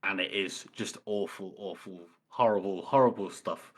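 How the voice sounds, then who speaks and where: A man co-hosting a book podcast in casual chat. He is excitable, swears freely and laughs often. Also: low voice, normal speed. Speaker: podcast co-host.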